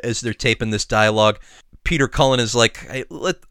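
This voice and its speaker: A man co-hosting a podcast, talking casually with many pauses and restarts. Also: medium pitch, fairly even intonation, fairly bright tone, clear, resonant tone, dry recording, clean studio sound. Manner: halting, many fillers and restarts. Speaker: podcast co-host. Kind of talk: casual chat.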